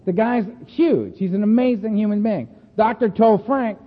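A high-pitched man speaks at a recovery meeting in an animated, chatty storytelling way, laughing often between lines. The sound is thin and tinny, like a phone line, with a long echo from a meeting hall. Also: normal speed. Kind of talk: storytelling talk.

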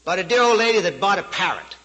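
A man's voice: sits high, big pitch swings, racing, bright, forceful tone, lo-fi sound. A man from Saskatchewan, giving a speech as a guest speaker in a folksy, joking way and chuckling at his own stories. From Canada, Saskatchewan. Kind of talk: storytelling speech to an audience.

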